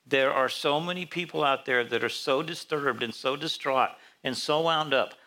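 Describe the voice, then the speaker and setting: A man's voice: medium pitch, normal speed, bright, forceful tone. A man pastor leading a casual, interactive Bible study, asking his congregation questions. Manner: conversational, asks the congregation questions.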